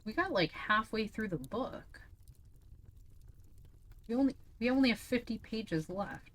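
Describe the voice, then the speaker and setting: A woman's voice: fairly high pitch, animated, a little slow, a bit bright. A young woman streamer reading a storybook aloud live, breaking off for playful chat asides.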